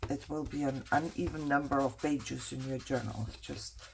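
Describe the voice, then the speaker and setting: A woman's voice: extremely low pitch, fairly even intonation, moderate pace, vocal fry, darkish tone, a little hiss or hum. A woman vlogger chatting casually to herself as she works on a craft project, trailing off and picking back up. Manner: chatty, talks to herself while working; frustrated venting.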